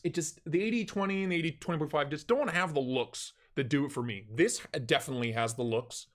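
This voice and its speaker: Young man, live-stream host, casual chat, excitable, slangy, fairly high voice. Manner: excitable, slangy, loud bursts when retelling. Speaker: knife channel host.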